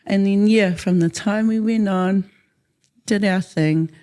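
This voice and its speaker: A woman's voice: mid-range voice, a little slow, mellow. A woman, a guest in a casual interview, talking in a rambling way with many fillers and Māori words mixed in. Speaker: interview guest, haka performer.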